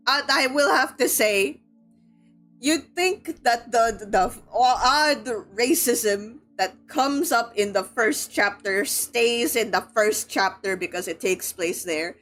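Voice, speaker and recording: Young woman from the philippines hosting a book club stream, kinda high voice, giggly and rambly, faint music behind. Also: a bit bright. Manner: rambling, giggly, lots of filler words. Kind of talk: casual livestream chat.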